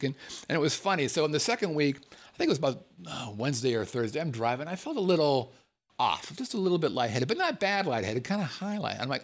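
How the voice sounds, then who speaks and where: Animated man telling a story. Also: medium pitch. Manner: animated, swears freely, jokes at himself. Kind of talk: casual storytelling monologue.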